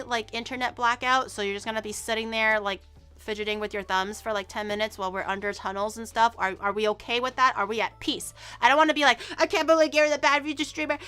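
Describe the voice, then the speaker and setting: A woman's voice: a little high, bright, forceful tone, clear, resonant tone. A woman streaming as a VTuber, chatting casually with her viewers in a giggly, rambling way full of restarts. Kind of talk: casual live-stream chat.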